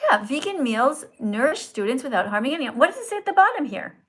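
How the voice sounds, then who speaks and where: A woman's voice: high voice, very animated, fast talker, a bit bright. A woman hosting a live stream from her phone, talking earnestly and in a preachy, teacherly way to her viewers. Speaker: livestream host. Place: indoors in Italy.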